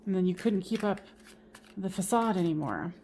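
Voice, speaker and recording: A woman giving a general tarot reading in a casual, expressive way, swearing now and then and laughing at herself. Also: lowish voice, moderate pace, a little hiss or hum. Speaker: tarot reader.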